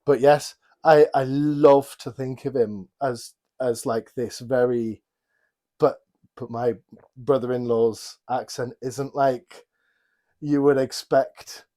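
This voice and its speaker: A man's voice: medium pitch, steady tone, takes it slowly, mellow. A man co-hosting a casual Bible study podcast, rambling and restarting his sentences, often breaking off to add apologetic asides. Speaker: podcast co-host.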